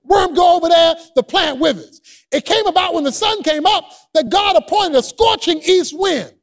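A man preaches with humor and loose, everyday grammar. His voice sits high and swings widely in pitch. He bursts into shouts, then drops almost to a murmur. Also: animated, moderate pace. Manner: casual vernacular grammar. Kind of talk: sermon.

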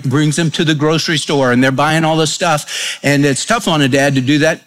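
A male pastor delivering a sermon with a slightly higher-pitched voice. He tells homely stories and acts out the lines of the people in them. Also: steady tone, moderate pace, fairly bright tone. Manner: folksy storytelling, acts out quotes.

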